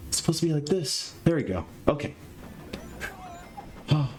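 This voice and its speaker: A young man hosting a live stream in casual chat, nervous and excitable, stammering and rambling. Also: on the high side, moderate pace, slight background noise. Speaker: streamer host.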